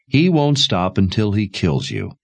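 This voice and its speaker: A man's voice: fairly low pitch, lively intonation, measured pace, no echo. A man reading aloud and voicing a ruthless, determined young warrior who talks bluntly and persuasively. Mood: urging.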